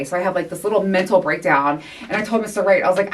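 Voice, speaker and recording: A middle-aged woman hosting her own podcast, talking candidly and excitably, a little out of breath, with sighs and laughs. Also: on the low side, quick pace, few pauses, distant mic. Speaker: podcast host. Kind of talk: casual chat.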